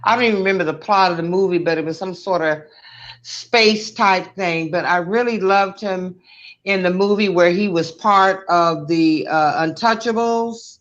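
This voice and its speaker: A woman co-hosting a casual chat, telling stories in an animated way and laughing often. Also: on the low side, normal speed, muffled recording. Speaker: co-host.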